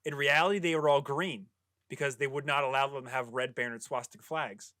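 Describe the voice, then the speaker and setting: A man's voice: mid-range voice, steady tone, brisk, bright, forceful tone, dry recording, studio quality. A man co-hosting a casual movie podcast, swearing freely and telling rambling anecdotes. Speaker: podcast co-host. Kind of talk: casual chat.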